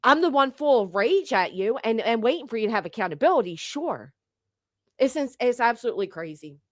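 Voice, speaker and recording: Woman, heated commentary rant, sarcastic, swearing, rhetorical questions, slightly high voice, dry close sound. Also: big pitch swings, fairly quick, no room sound. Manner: indignant, sarcastic, profane, fires rhetorical questions. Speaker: online commentator.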